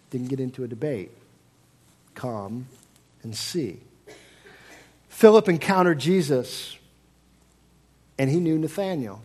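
A man's voice: medium pitch, a little mellow. A man preaching a sermon, reading scripture and then speaking in an earnest, conversational way, repeating key phrases.

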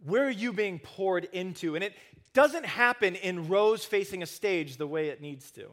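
A man preaching a sermon, earnest, rising to emphatic stresses and then dropping soft and low. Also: expressive, normal speed. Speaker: pastor.

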